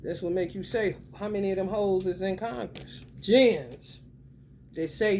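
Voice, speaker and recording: A woman giving casual spiritual commentary, blunt, profane and streetwise, drawing some phrases out and rushing others. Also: medium pitch, a little mellow, a little hiss or hum. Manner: emphatic, swings between drawn-out and rapid phrases. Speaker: spiritual reader.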